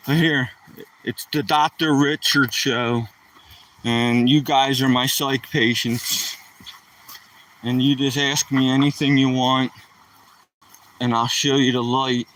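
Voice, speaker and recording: A man's voice: medium pitch, a bit bright, no echo, recorded from a distance. A man streaming casually, joking around and talking to his dog while out on a walk.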